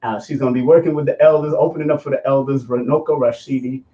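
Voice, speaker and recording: A man hosting an interview show, talking casually and repeating details slowly for listeners. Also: medium pitch, steady tone, echoey room. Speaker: show host. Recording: muffled lo-fi recording.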